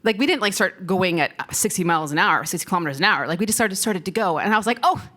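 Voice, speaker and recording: A woman's voice: on the low side, animated, quick pace, a bit bright. A woman giving a conference keynote on stage, telling stories playfully, laughing often and talking directly to the audience. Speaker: keynote speaker. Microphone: stage microphone.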